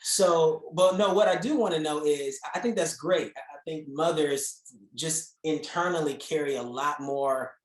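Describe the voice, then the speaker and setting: A man's voice: fairly high pitch, a little slow. Guy hosting an interview, eager, stammers a lot, echoey room. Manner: eager, stammers and repeats words. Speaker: host.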